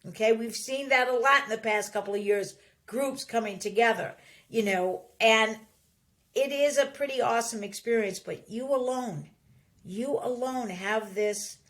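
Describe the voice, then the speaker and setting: A woman hosting a podcast in casual chat, speaking emphatically and dropping into soft, sighing asides. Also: fairly high pitch, moderate pace. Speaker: podcast host.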